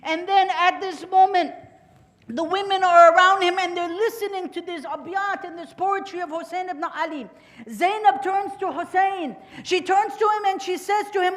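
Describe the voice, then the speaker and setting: Very high-voiced impassioned woman preacher. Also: normal speed. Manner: impassioned, quotes Arabic phrases, builds to cried-out lament. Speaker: majlis speaker. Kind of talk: mourning sermon narration.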